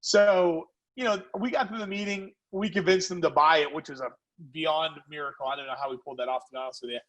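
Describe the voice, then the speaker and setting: A man who founded a food company, a podcast guest telling animated stories in casual chat. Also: a little high, quick pace, poor audio. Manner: animated, lively storyteller. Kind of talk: casual storytelling.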